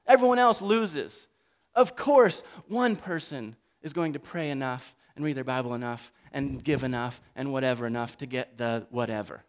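A man preaching a sermon in an animated, humorous, conversational way. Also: medium pitch, moderate pace. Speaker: pastor.

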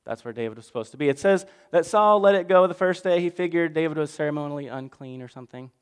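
A man preaching a lively, jokey story sermon, swinging between loud bursts and hushed asides. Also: on the high side, quick pace, clear, resonant tone, big-room sound. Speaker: pastor.

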